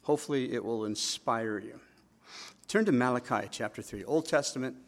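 A man pastor preaching a sermon, acting out quotes with lively asides. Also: medium pitch, normal speed.

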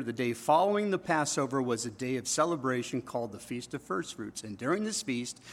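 A male pastor preaching a sermon in church before a congregation. He keeps checking in with his listeners and swings between loud, emphatic bursts and quiet, low asides.

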